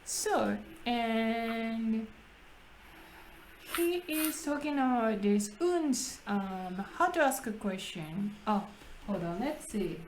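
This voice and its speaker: A woman hosting a casual language-practice chat, talking slowly, laughing often and restarting her phrases. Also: fairly high pitch, lively intonation, a little hiss or hum, low-quality recording. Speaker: English conversation partner and host.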